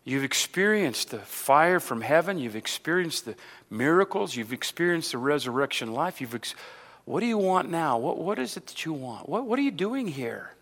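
A man voicing God's still small voice, gently asking questions in a hushed tone. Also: a little high, very animated, moderate pace, full character voice. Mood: gentle. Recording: long hall reverb.

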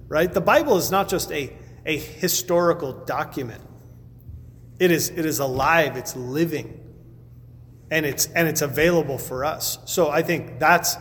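In a reverberant hall with slight background noise, a man preaches a conversational Q&A sermon, frequently repeating words in his replies. His voice sounds a little high with a fairly bright tone.

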